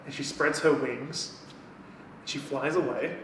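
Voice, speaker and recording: A man's voice: medium pitch, slow pace. A man co-hosting a casual book-review chat, swearing freely as he recaps the plot. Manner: profane, retells plot acting out characters' lines. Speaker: podcast co-host. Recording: echoey room from a distant mic, faint noise.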